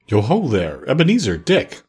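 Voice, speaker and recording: A man's voice: medium pitch, huge pitch swings, normal speed, a little mellow, husky. A man voicing a jovial, fat old male employer with a rich, oily voice.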